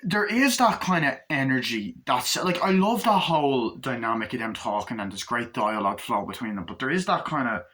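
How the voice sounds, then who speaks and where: A man's voice: mid-range voice, expressive, a little fast, hardly any pauses, sharp tone. A young man giving a casual, rambling and profane film review, acting out scenes as he retells them. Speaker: movie reviewer.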